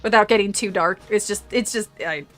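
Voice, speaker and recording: A woman's voice: medium pitch, brisk, fairly bright tone, faint music behind. Rambling woman chatting on a stream. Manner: rambling, laughs often, trails off into asides. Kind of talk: casual livestream chat with audience.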